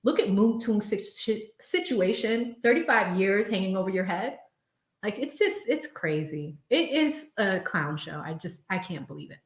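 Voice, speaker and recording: A young woman hosts a casual live stream from home, reading viewers' super chats aloud, chatting expressively and laughing often. Her medium-pitched voice moves at a normal speed and echoes in the room.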